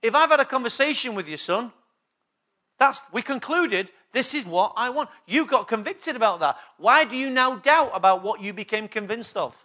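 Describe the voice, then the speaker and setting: A man preaching a sermon with a high, bright voice. He hammers his points home through repetition and keeps asking the room for agreement. His delivery is emphatic, as a pastor addressing his own congregation. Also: expressive, normal speed. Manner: emphatic preaching with repeated call-and-response questions.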